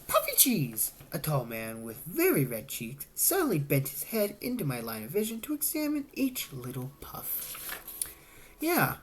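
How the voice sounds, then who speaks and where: A woman reading a novel aloud as a narrator, telling the story with lively shifts and voiced dialogue. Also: mid-range voice. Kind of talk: audiobook-style reading.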